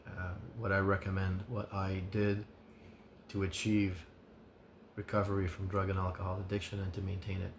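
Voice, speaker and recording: A man giving an earnest advice monologue as a recovery vlogger, sincere and measured, listing his points with pauses. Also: sits low, vocal fry, slight background noise.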